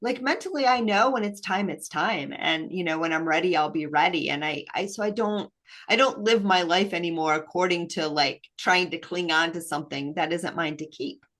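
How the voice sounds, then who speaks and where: A woman's voice: on the low side, moderate pace, fairly bright tone. A woman hosting a podcast, talking in a reflective way with loose, conversational phrasing. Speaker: podcast host. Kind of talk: casual chat.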